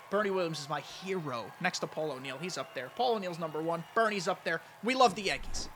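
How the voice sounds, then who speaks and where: A man giving excitable, chatty live commentary on his own baseball video game play, talking straight to his viewers. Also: sits high, moderate pace, a little hiss or hum. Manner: excitable, chatty, talks to chat. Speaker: gaming YouTuber.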